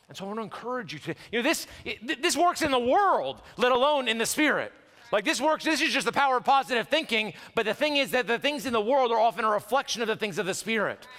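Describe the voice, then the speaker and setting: A male pastor preaching a sermon in a church sanctuary, animated and conversational with quick restarts and jokes. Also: extremely high pitch. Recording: long church hall reverb.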